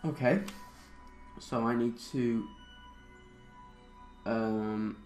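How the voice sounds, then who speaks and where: A man's voice: mid-range voice, fairly even intonation, very slow, darkish tone, reverberant, faint music behind. A young man playing a space game, thinking aloud with many fillers and reading the tutorial text aloud. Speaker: gamer.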